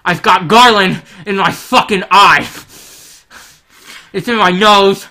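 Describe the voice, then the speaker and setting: A brash man with a bright, forceful voice, cursing his way through comedic gameplay commentary. He plays at being rude, shouting mock insults one moment and muttering to himself the next. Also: high voice, takes it slowly. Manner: brash, profane, mock-rude persona with mumbled asides. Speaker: guest gamer.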